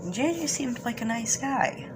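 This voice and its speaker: A man's voice: extremely high pitch, lively intonation, moderate pace, noisy background. A man telling a story casually to viewers, rambling with many restarts. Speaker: video creator.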